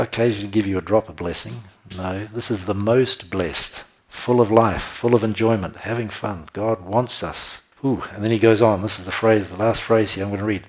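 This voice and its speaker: A man's voice: on the low side, slightly rough. A man preaching a sermon, reading scripture aloud and commenting with frequent laughter.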